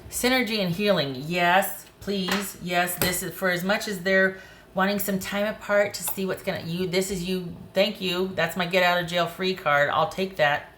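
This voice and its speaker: A woman giving a casual tarot reading to camera, animated and opinionated, speaking straight to the viewer. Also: fairly low pitch, normal speed, a little hiss or hum. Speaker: tarot reader.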